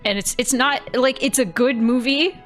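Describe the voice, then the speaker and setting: A woman streamer chatting casually, animated, swearing freely and trailing off mid-thought. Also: sits high, moderate pace, faint music behind.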